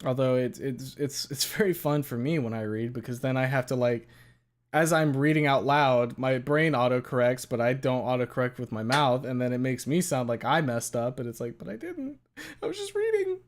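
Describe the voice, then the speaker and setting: A man hosting a casual chat, joking and swearing freely in an animated way. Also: medium pitch, normal speed. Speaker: host.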